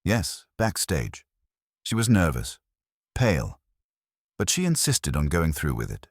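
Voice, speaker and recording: Man playing a nervous, hesitant young violinist, dry husky tone. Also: very deep voice, wildly swooping pitch, measured pace, no room sound, exaggerated voice. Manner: stammering, hesitant.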